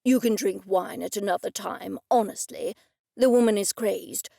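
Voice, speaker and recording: A stubborn old gentleman speaks with fussy, indignant formality, as a woman narrator puts him on. The voice has a gravelly grain. It sits close and dry. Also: mid-range voice, moderate pace, dry recording. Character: elderly gentleman, pompous and stubborn.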